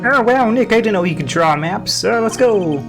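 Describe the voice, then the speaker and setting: A let's-play player voicing a bubbly, excitable young woman sidekick with playful teasing, over background music. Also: medium pitch, normal speed, voice pushed up, close to an everyday voice. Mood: excited.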